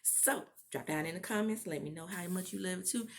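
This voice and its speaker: Animated woman recapping a TV show. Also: lowish voice, fairly quick. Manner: animated, laughing, acts out quotes in character. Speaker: TV recap vlogger.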